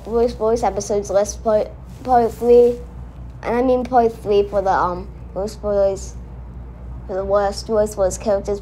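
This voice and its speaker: A woman hosting a casual reaction video, talking in an excitable, rambling way and often correcting herself. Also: mid-range voice, measured pace, slight background noise.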